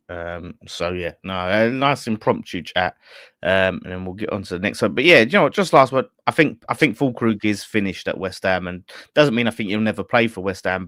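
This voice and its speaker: A low-pitched man with a fairly bright tone hosts a football fan channel, chatting casually and reading out viewer messages. He laughs and banters with his co-host. The recording is dry and studio quality.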